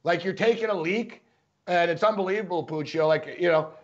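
A man's voice: sits high, fairly quick, muffled recording. A man co-hosting a sports podcast, telling rambling anecdotes full of "like" and "you know" in casual chat.

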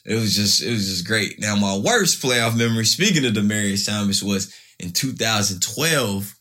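A man's voice: fairly low pitch, lively intonation, normal speed, bright, forceful tone. Easygoing man telling stories. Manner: loose, storytelling, many restarts. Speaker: pro football player. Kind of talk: casual interview answers.

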